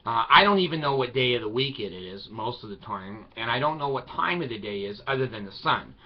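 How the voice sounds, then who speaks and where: A man's voice: mid-range voice, lively intonation, a little fast. A man talking to camera in a loose, rambling monologue, wry and irreverent in tone. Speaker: video blogger. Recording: slightly dull lo-fi recording.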